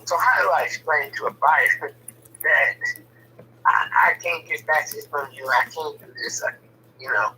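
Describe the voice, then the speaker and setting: Blunt, bright-voiced man telling a story. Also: fairly high pitch, normal speed, long pauses, distant mic, a little hiss or hum, rough recording. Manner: blunt, profane, repeats words when starting sentences. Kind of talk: casual personal storytelling.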